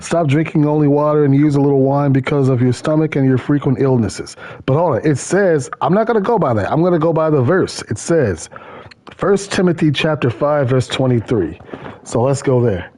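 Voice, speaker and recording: A man's voice: on the high side, animated, moderate pace, warm tone. A man hosting a gaming stream, chatting casually and rambling, repeating his words as he goes. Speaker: gaming channel host. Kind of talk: casual chat while gaming.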